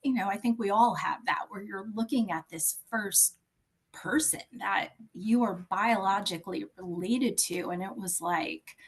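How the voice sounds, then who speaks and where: A woman's voice: mid-range voice, unhurried, slightly rough, low-quality recording. A woman in her fifties, a podcast guest, talking candidly and reflectively, sometimes dropping almost to a whisper. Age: 50s. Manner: reflective, chatty, drops to near-whisper for secrets. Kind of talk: candid personal interview.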